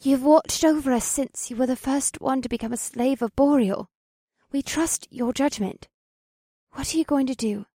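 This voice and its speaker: A woman's voice: high voice, moderate pace, warm tone, no room sound, clean studio sound. A woman voicing proud, defiant siren sea women who speak firmly. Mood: earnest. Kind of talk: audiobook character voice.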